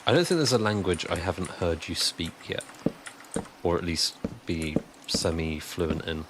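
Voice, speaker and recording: A man's voice: deep voice, expressive, normal speed, heavy background noise. A man chatting casually and rambling on a live stream while he builds, answering chat as he goes.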